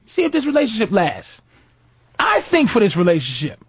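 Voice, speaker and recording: A man hosting a comedy podcast, telling stories in a profane, animated rant. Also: high voice, brisk, husky, no room sound. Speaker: podcast host. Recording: dull lo-fi dry sound.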